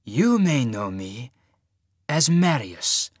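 A man voicing an old, rotund mage lord who speaks slowly with a genial, softly menacing manner. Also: medium pitch, very animated, husky, dry recording, clean studio sound, exaggerated voice. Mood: genially menacing. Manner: slow, measured, softly menacing.

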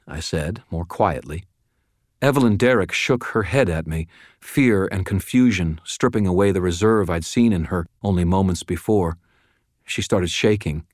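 A deep-voiced man reads a first-person audiobook at a measured, dramatic pace, sometimes sinking almost to a murmur. His low voice sits close to the mic, and the recording is dry with no trace of room echo. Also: animated. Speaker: audiobook narrator.

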